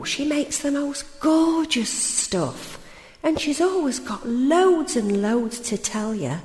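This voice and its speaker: A woman reciting poetry with a wry, theatrical delivery. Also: high voice. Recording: roomy hall with long reverb.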